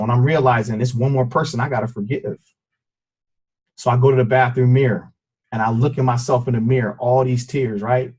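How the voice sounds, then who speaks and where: A middle-aged man with a husky, slightly breathy voice tells a deeply personal story with earnest intensity. His pitch sits in the middle range, and he speaks as a guest addressing a team over a call. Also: darkish tone. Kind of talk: emotional personal testimony. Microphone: conference call.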